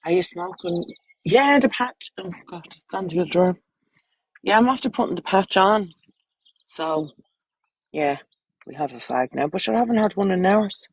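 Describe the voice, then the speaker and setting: A woman's voice: fairly low pitch, breathy edge, low-quality recording. An Irish woman with children, chatting bluntly and crudely on a casual livestream, rambling from topic to topic. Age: adult, with children.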